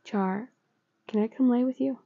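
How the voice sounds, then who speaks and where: A devoted teenage boyfriend, read by a woman speaks softly and tenderly. The voice is gravelly and warm. It sounds close, dry and lo-fi. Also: a little high, normal speed, no room sound.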